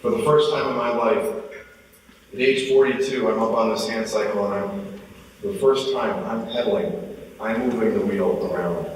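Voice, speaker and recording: Keynote storyteller, man, forties; lively delivery acting out dialogue, distant and echoey. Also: on the low side, normal speed, a little hiss or hum. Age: 40s. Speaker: motivational speaker. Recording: echoey hall from far off.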